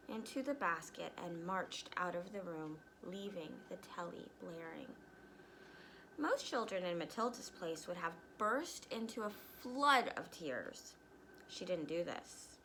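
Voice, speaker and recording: A woman reading a children's storybook aloud, pausing to explain words for young listeners. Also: medium pitch, pushed and bright, slight background noise, rough recording. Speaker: reader.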